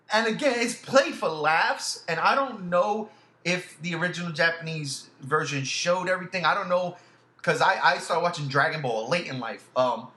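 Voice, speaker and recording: Casual podcast co-host, high bright male voice, profane animated rants, roomy sound. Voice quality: loud animated outbursts, heavy swearing. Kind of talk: casual chat.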